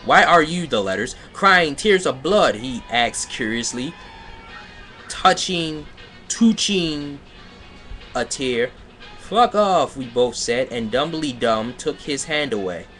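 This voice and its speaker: Slow sarcastic man reading badly written fiction. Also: mid-range voice, animated, bright, forceful tone, faint music behind. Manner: sarcastic, breaks off to rant and laugh. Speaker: reader mocking a fan fiction. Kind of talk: comedic dramatic reading with commentary.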